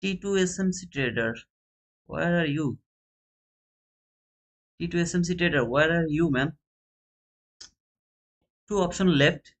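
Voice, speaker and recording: A man with a South Asian English accent hosting a live stream, chatting casually and reading names aloud with excited bursts. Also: a little high, measured pace, pauses often. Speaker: trading channel host running a giveaway.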